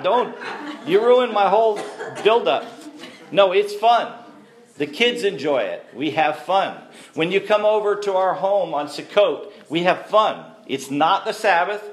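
A man teaching a sermon to a congregation, conversational and asking the listeners questions. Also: fairly high pitch. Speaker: messianic teacher. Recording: echoey room.

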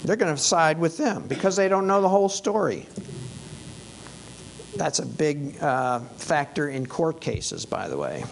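Slow, gravelly preacher man. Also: fairly high pitch, very animated, slight background noise, rough recording. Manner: conversational, wry, emphatic. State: losing his voice. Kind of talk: sermon.

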